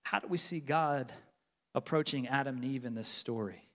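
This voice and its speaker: A man in his forties preaching a sermon, moving between loud urgency and hushed, near-whispered lines. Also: medium pitch, moderate pace. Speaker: pastor. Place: large church sanctuary. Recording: long reverb of a large church hall.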